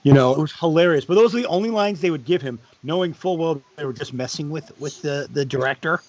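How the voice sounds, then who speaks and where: A middle-aged man telling animated backstage anecdotes in casual chat, bursting into loud high quoted lines. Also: a little fast, few pauses. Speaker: guest on a charity live stream. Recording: dull lo-fi stream audio.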